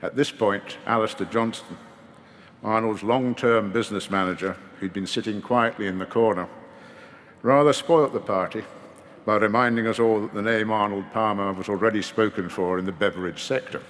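A man delivering a formal memorial eulogy in a measured, gently wry manner at a podium microphone. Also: on the low side, steady tone, a little hiss or hum. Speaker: eulogy speaker. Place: large hall at a memorial service. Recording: long reverb of a large hall.

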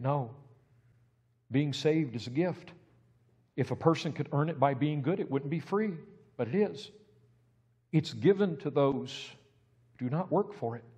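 A pastor delivers a sermon in a husky, middle-pitched voice. He talks plainly at first, then climbs to loud, emphatic peaks. The sound carries the long reverb of a large church sanctuary.

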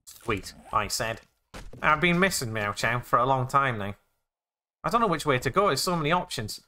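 Excitable gamer narrating his play. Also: mid-range voice, normal speed. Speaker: gaming YouTuber. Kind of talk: playing a video game.

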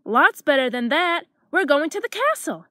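A woman voicing an eager, excitable little boy prince who pleads with his friend. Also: high voice, moderate pace, no echo, heavily acted.

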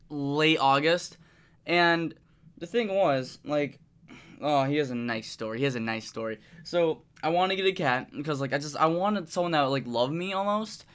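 A young man with a smooth, resonant voice that sits a little high for a man. He talks casually to camera, rambling through fillers and restarts and slipping into affectionate cooing at his pet. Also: fairly bright tone. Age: young adult. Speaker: vlogger.

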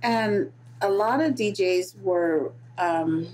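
A woman's voice: mid-range voice, slow, a little mellow, slight background noise, low-quality recording. A woman hosting an interview show, friendly and attentive, asking questions and giving short prompts. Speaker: podcast host.

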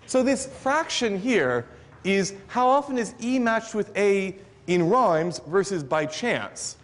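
A man with a high-pitched voice explains his subject step by step to a room of listeners, adding a little dry humor along the way. His words ring out with the long reverb of a lecture hall. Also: lively intonation, slow. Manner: explanatory, lightly joking. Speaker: professor. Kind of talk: university outreach lecture.

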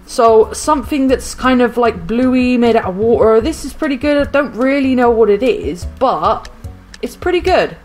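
A woman's voice: fairly high pitch, animated, normal speed, darkish tone, faint music behind. Flustered woman narrating her own gameplay. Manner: flustered, rambling self-talk, often panicking. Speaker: gaming video host. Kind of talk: live gameplay commentary.

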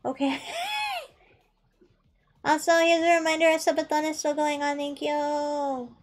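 A woman's voice: high-pitched, flat delivery, normal speed. A young adult woman chatting casually on a live game stream, playful and chatty, swearing freely and coaxing her pet between rounds. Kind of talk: casual live-stream chat while gaming.

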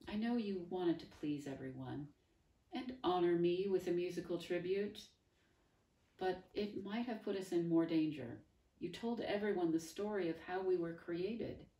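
A woman voicing an earnest, anxious young girl who speaks softly and pleadingly. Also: lowish voice, reverberant, far from the mic, natural voice, low-quality recording.

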